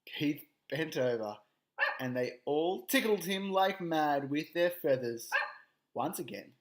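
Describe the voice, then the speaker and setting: Man reading a kids' story out loud, slow and lively, bit higher voice. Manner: expressive, playful storytelling. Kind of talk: reading a children's story aloud.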